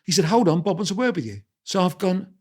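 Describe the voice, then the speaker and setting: A man, telling lively anecdotes as an interview guest and restarting his sentences often. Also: high voice, fast talker, slightly rough. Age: 60s. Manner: animated anecdotes with quoted voices and restarts. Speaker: guest photographer. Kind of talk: storytelling interview.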